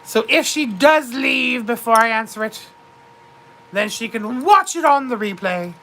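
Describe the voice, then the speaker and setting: Slow, grand and expressive, a livestream host plays a gushing, drunken duchess reading her comedic chat, showering everyone with darlings. Her put-on British accent rides a high, sparkling, sharp-toned voice, with a little hiss or hum underneath.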